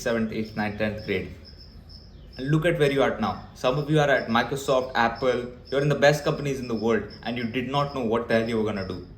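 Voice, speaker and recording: A young man delivers a blunt, emphatic rant straight to camera. His talk is full of fillers and restarts. The sound bounces around an echoey room with a faint hum behind him. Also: mid-range voice. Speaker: vlogger.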